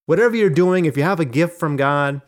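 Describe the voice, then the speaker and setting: A man's voice: on the high side, fairly quick. A man hosting a Bible study discussion, explaining word meanings and reading quotations aloud in a conversational teaching style. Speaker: Bible study podcast host.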